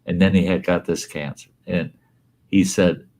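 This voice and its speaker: Host, male, middle-aged, very deep voice, animated storyteller. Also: normal speed. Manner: animated storyteller, laughs through lines, quotes others in a raised voice. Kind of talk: casual storytelling chat.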